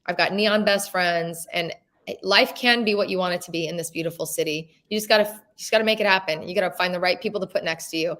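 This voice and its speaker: Hosting her real estate show, a woman from Las Vegas who works as an agent talks quickly and with feeling in a lowish, somewhat bright voice. The chat is relaxed, with a curse word here and there.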